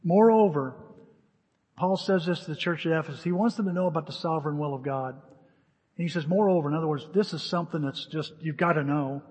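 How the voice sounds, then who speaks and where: Storytelling pastor in an echoing hall. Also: male voice, fairly high pitch, fairly quick, breathy edge. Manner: animated storyteller acting out both sides of phone calls. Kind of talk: sermon.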